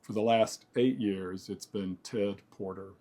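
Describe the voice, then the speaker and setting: Reflective older man, low mellow voice. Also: fairly even intonation, unhurried. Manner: rambling, reflective, many fillers and self-corrections. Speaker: architect. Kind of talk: oral history interview.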